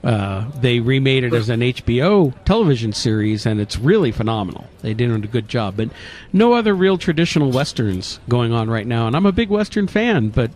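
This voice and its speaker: A man's voice: medium pitch, a little fast. A man, a paranormal investigator and co-host, chatting casually on a radio show and telling stories with frequent fillers. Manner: relaxed storytelling with frequent fillers.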